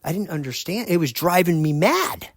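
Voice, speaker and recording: Halting man telling a story. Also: fairly high pitch, lively intonation, no echo. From United States. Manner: earnest, halting, with frequent restarts. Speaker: podcast host. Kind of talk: personal storytelling monologue.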